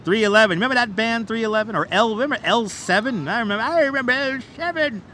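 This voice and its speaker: A man keeps up a chatty, repetitive auctioneer patter while walking a city bridge on a live stream. His voice sits high and sounds bright and forceful. A wireless clip-on mic picks him up outdoors with faint traffic noise behind. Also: expressive, fast talker. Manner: auctioneer-style hyping of like counts; playful, repetitive, chatty with viewers. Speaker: livestream host. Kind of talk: live walking-tour commentary.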